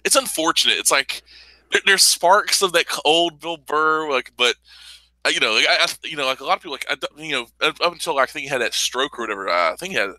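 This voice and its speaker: A man's voice: on the high side, lively intonation, fast, pushed and bright, dry recording, low-quality recording. A man in casual podcast chat, rambling and profane, with lots of filler words.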